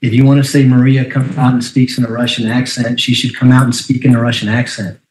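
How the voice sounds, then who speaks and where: A man's voice: mid-range voice, level tone, fast talker, darkish tone, low-quality recording. A man questioning a witness in a courtroom, pressing and insistent, pinning down answers. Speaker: prosecuting attorney. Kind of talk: courtroom cross-examination.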